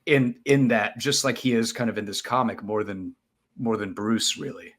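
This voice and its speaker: A man's voice: lowish voice, moderate pace. A man co-hosting a podcast, talking in a rambling, self-interrupting way about a comic and an old film. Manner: rambling, self-interrupting, animated when joking. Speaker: podcast co-host. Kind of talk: casual chat.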